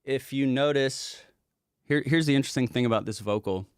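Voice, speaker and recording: A man's voice: medium pitch, brisk, clear, resonant tone, no echo, studio quality. A man casually walking through a song's production session as a music producer, chatty and rambling and swearing now and then.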